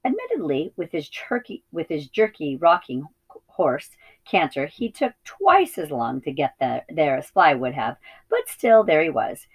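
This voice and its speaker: A woman reading a children's novel aloud as a teacher, steady with small slips and self-corrections. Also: sits low, a little slow, husky, low-quality recording. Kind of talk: storybook read-aloud.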